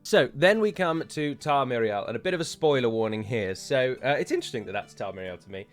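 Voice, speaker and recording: A man's voice: mid-range voice, lively intonation, a little fast, faint music behind. A man, chatting casually and with opinions as he reviews a trailer for his viewers, with frequent fillers and self-corrections.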